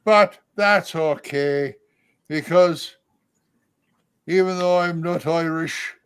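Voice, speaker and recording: Animated man chatting casually. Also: on the high side, smooth. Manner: animated, jumps between tangents. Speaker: co-host. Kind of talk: casual chat.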